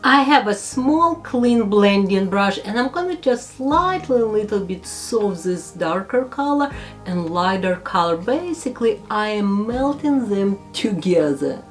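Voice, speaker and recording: A woman narrating a makeup tutorial as a beauty vlogger, speaking slow, careful English with non-native phrasing. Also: medium pitch, expressive, soft background music.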